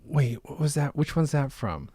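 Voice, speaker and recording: A man's voice: normal speed, no room sound, clean studio sound. A man in his thirties co-hosting a comedy podcast, joking around in casual banter and laughing often. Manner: animated, giggly, riffs into silly high voices. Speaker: podcast co-host.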